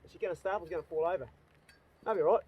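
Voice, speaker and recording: A man's voice: high voice, rapid-fire, breathy edge, highs cut off. A man with a New Zealand accent, chatting casually and jokily as host of his home vlog. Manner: easygoing, jokey, matey slang. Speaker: channel host.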